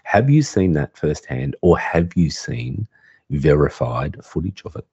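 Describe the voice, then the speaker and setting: A man chats in an easygoing podcast conversation. His voice sits very low, raspy and dark. The recording is dry and a little dull. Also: animated, a little slow, dry recording. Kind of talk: casual podcast chat.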